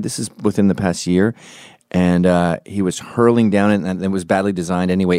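A man in his forties with a fairly low voice, holding forth in a comedic podcast rant. He swears freely and drops into quick impressions of the people in his stories. The sound is dry and close, with no room around it. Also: darkish tone, no room sound. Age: 40s. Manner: profane, ranting, opinionated; acts out quoted voices mid-story.

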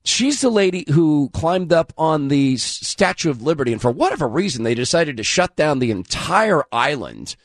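A man's voice: mid-range voice, no room sound. Mocking male host, dry close sound. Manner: mocking, scornful. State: hoarse, losing his voice. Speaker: political commentary host. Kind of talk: sarcastic scripted commentary.

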